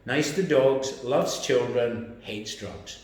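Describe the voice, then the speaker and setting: A man telling stories in a casual chat, profane and lively, often acting out the voices of people he quotes. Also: mid-range voice, slow pace. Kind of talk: casual chat, animated storytelling. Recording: very echoey room with faint noise.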